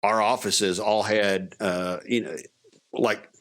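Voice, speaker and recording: A man's voice: lowish voice, steady tone, takes it slowly, fairly bright tone, slight background noise. A middle-aged man, a veteran guest on a podcast, telling stories casually with many restarts and fillers. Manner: rambling, many restarts, acts out quotes. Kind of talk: casual storytelling interview.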